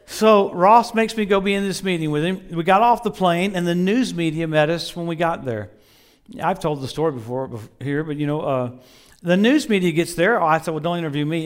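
A middle-aged man preaching a sermon, telling stories with lively swings between loud bursts and low murmurs, laughing often. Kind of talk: sermon with storytelling.

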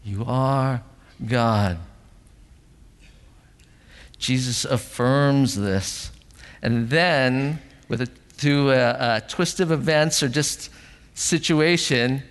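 A middle-aged man preaching a sermon as pastor in a church sanctuary, animated, acting out voices and asking rhetorical questions. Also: a little high. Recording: long hall reverb.

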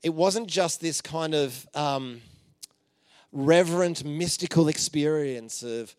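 A man preaching a conversational sermon, telling stories with playful jokes and asides, and dropping to a soft voice for emphasis. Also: fairly high pitch, slow pace, dry recording. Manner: informal and joking, with many fillers and playful asides.

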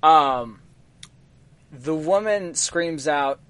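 A man narrating as game master of a tabletop game, measured and halting, with frequent ums. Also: on the high side, sing-song, fairly bright tone.

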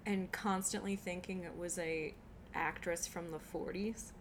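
A woman's voice: lowish voice, steady tone, a little slow, crowd noise. A woman co-hosting a podcast in easygoing casual chat about movies. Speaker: podcast co-host.

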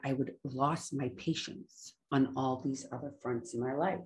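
A woman's voice: very deep voice, fairly even intonation, normal speed, hardly any pauses, dark tone. Earnest, rambling woman talking about sobriety. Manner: earnest, rambling, self-correcting. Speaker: recovery speaker. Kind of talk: casual spoken talk on sobriety.

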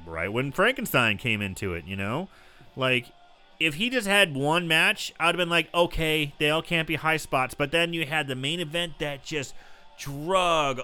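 A man with a slightly high voice vents about a movie in relaxed conversation. His pitch swings widely, and his tone is bright. Faint music plays in the background. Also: moderate pace, clear, resonant tone. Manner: frustrated griping, swears. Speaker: co-host. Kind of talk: casual movie commentary chat.

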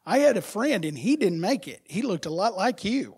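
Preaching to his flock, this male pastor poses rhetorical questions and alternates hushed remarks with emphatic, booming bursts. He sounds high and husky, very animated, moving at a moderate pace with hardly any pauses.

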